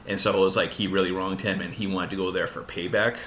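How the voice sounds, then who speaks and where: A man's voice: deep voice, level tone, quick pace, fairly bright tone, a little hiss or hum. A man hosting a podcast, retelling a long story in casual chat, rambling and full of filler words. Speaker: podcast host.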